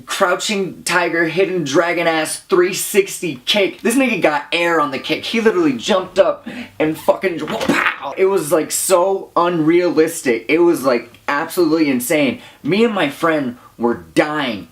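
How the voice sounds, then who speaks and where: A man's voice: fairly high pitch, a little slow, fairly bright tone. A young man giving a casual movie review, rambling with lots of fillers, exasperated and often laughing. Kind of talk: casual profane movie rant.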